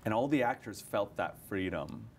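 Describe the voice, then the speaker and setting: A young man, an actor, chatting in an interview about his stage roles, animated, often laughing and restarting his sentences. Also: lowish voice, moderate pace, slight background noise. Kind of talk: casual interview chat.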